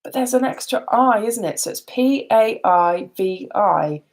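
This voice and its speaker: A woman's voice: medium pitch, expressive, a little slow. A tired woman chatting casually on a live stream, rambling and laughing often. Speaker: beauty vlogger.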